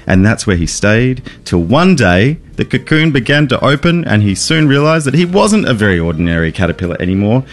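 A man reading a children's picture book aloud, animated and chuckling often. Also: mid-range voice, fairly quick, few pauses. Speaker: guest story reader.

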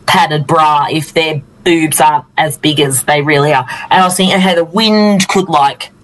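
A woman's voice: low voice, steady tone, normal speed, rough recording. A woman co-hosting a radio show over a remote call, playful and thinking aloud. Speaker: radio co-host. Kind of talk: casual radio chat.

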